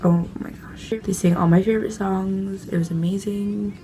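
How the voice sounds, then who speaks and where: A young woman vlogger excitedly telling a casual story, gushing and full of fillers. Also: mid-range voice, moderate pace, a little hiss or hum.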